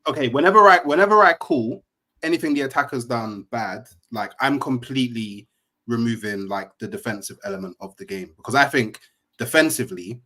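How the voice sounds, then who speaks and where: A man's voice: mid-range voice, brisk, pushed and bright. A man giving casual football analysis as a panelist, hesitant with restarts.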